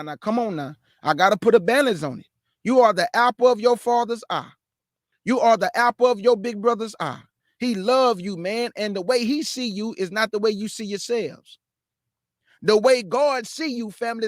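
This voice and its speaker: A man preaching to his listeners, emphatic and repetitive, calling them family and swinging between shouts and low asides. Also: dry recording, studio quality. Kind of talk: street-style preaching.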